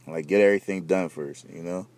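A man's voice: deep voice, steady tone, a little fast, a little mellow. A young man hosting a podcast, rambling in loose, slangy, profane casual chat. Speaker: podcast host.

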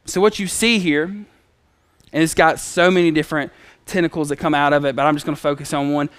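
A man's voice: a little high, steady tone, fairly quick, fairly bright tone, clear, resonant tone, no echo. A man preaching a sermon in a conversational storytelling manner. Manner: conversational storytelling with acted quotes.

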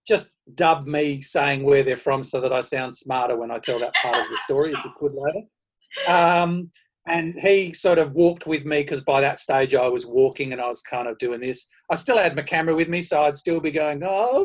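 A man, telling his running stories in a casual, self-deprecating and animated way. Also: medium pitch. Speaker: podcast guest, runner. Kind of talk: casual storytelling.

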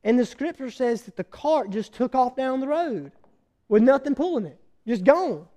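A man preaching a sermon, retelling a scripture story with animated energy and quizzing his listeners. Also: extremely high pitch, normal speed.

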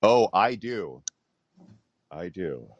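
A low-voiced man co-hosting a comedic podcast. He keeps things laid-back, dry and playful. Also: very animated, drawn-out words, no room sound, dull audio. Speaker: podcast co-host. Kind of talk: casual comedic chat.

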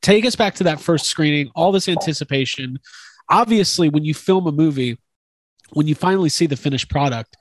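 Young male podcast host, slightly high voice, dry close sound, eager and rambling with restarts. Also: expressive, a little fast, no echo. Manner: enthusiastic, rambling questions with frequent restarts. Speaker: podcast host interviewing an actor. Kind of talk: casual interview chat.

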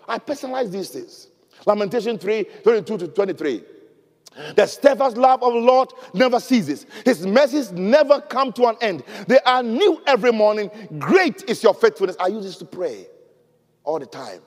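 A man preaching a sermon, reading scripture and leading prayers, swinging from loud cries to near murmurs. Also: lively intonation, normal speed, long reverb tail. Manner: preaching with dramatic swings in pitch and volume. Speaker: pastor.

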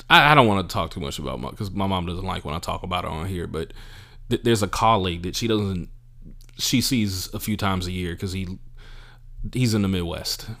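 Profane animated comedian ranting. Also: male voice, low voice. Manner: profane, animated, acts out quoted people. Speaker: podcast host and comedian. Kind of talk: casual monologue.

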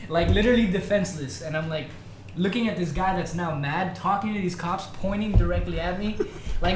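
A young man telling a story in casual chat among friends, animated and swearing constantly. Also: high voice, fairly quick, roomy sound, background noise.

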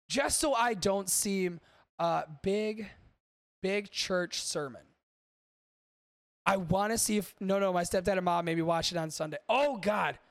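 A man's voice: high-pitched, no echo, clean studio sound. A man hosting a podcast in casual, rambling chat, swearing freely and talking to his live chat. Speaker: podcast host.

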